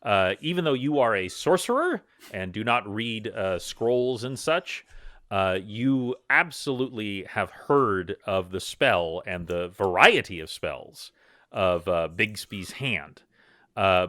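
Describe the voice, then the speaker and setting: A man's voice: lowish voice, pushed and bright, dry recording, studio quality. A man narrating a tabletop game as game master, loose and rambling with many fillers.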